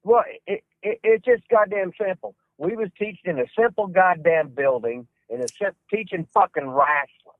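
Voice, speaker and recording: A man's voice: high-pitched, normal speed, dry recording. An older man, a wrestling trainer, tells stories in a profane, ranting way, cursing constantly. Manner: ranting, heavy cursing, gruff Southern drawl. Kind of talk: profane storytelling interview. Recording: dry phone-line sound.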